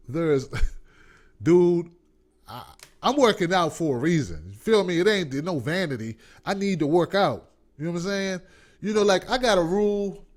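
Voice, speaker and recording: A man in his forties hosting a comedic talk show, talking in an animated, profane way and acting out voices. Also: high voice. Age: 40s. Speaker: host.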